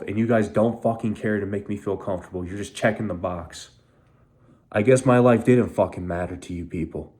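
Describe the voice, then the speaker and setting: A young man with a low, mellow voice tells his own story straight to camera. He sounds bitter and angry and swears constantly. He talks like a veteran venting about how he was treated. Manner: angry, heavily profane, bitter. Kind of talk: emotional first-person storytelling.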